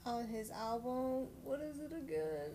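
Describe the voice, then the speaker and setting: A woman's voice: on the high side, very animated, unhurried, warm tone, a little hiss or hum. A woman co-hosting a podcast, speaking frankly and teasing her co-host in casual chat. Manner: frank, teasing, matter-of-fact.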